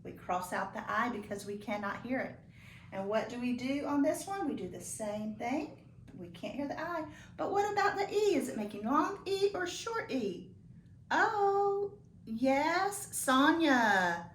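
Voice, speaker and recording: Woman, phonics teacher for young kids; higher, animated voice, patient and full of praise; roomy echo. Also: slight background noise. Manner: encouraging, slow and deliberate, praising pupils. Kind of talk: phonics lesson for young children.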